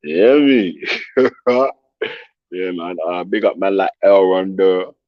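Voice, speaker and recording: A very low-voiced man chats loosely to his viewers, full of slang and quick laughs. The sound is close and dry but dull. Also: no room sound. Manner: slangy, laughing, addressing chat and callers. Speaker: livestream host. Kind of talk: casual livestream chat.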